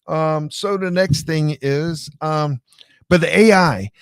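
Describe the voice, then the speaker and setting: A middle-aged man hosting a live show, chatting casually and telling rambling, animated stories full of restarts. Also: on the high side, slow, clear, resonant tone, dry recording, clean studio sound. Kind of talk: casual live-stream chat.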